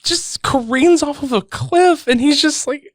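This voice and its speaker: A man's voice: very high-pitched, a little slow, dry recording. Man, podcast co-host, casual profane chat, dry close sound. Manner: loose, profane, laughs often.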